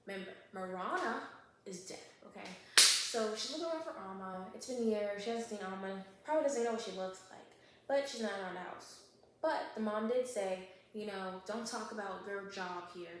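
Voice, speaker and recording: A woman recapping a thriller book in a casual vlog, acting out the characters in animated voices and often checking in with the viewer. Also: mid-range voice, slight background noise. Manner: animated storyteller who acts out characters. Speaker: book vlogger. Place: home kitchen while baking. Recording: very echoey room.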